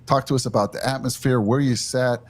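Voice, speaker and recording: A man's voice: mid-range voice, steady tone, a little fast. A man hosting a live postgame reaction show, upbeat and leading the talk. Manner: upbeat, leads the discussion. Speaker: podcast host.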